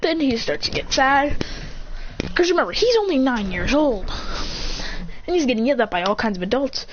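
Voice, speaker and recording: Excited woman retelling a fan story. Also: high-pitched, lo-fi sound, background noise. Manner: rushed, excited retelling with many "he goes".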